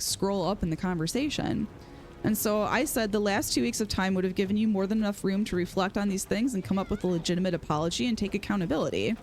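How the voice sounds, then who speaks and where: Woman streamer just chatting while she games, says "like" a ton, normal middle voice, faint hiss behind. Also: mid-range voice. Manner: chatty, peppered with "like", reacts aloud to gameplay. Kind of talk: casual live-stream chat while gaming.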